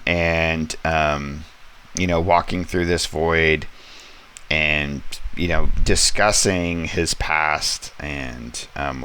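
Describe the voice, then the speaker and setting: Very deep, slow, gravelly man. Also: pushed and bright, a little hiss or hum. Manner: rambling, many ums, quoting characters lightly. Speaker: comics reviewer. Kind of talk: casual comic review, paging through an issue. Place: home studio space.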